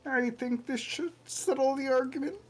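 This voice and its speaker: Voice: high-pitched, normal speed, voice pushed up. A comedian telling a joke and doing an impression of a polite male puppet frog, earnest and eager to help.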